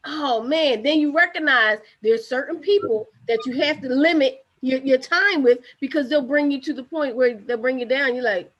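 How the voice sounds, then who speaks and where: A woman talking on a morning show, her high voice coming through slightly muffled, lo-fi audio. She chats in an easy, encouraging way. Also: moderate pace, hardly any pauses, fairly bright tone. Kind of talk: casual chat.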